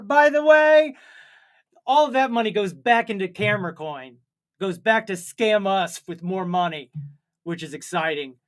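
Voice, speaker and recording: A man's voice: sits high, fairly bright tone. Rambling jokey man reading chat. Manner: rambling, jokey and self-mocking. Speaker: co-host of a comedy livestream. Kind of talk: casual chat reading viewer comments.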